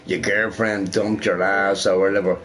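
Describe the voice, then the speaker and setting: Young man, game streamer, casual chat, profane, rambling, lowish voice. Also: moderate pace. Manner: profane, rambling, animated storytelling.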